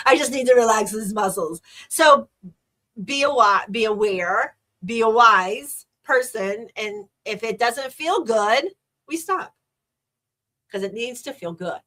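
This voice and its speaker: A woman's voice: a little high, animated, slow, a bit bright. A woman hosting a podcast, talking in a chatty, rambling and enthusiastic way. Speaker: podcast host. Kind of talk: casual solo podcast talk.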